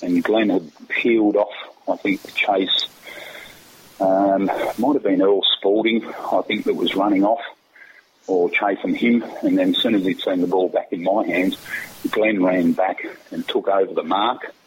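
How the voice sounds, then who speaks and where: A man's voice: low voice, steady tone, measured pace, slight background noise, poor audio. A middle-aged Australian man, a former footballer, casually telling a rambling story full of fillers and restarts. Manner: rambling, laughs often, many fillers and restarts.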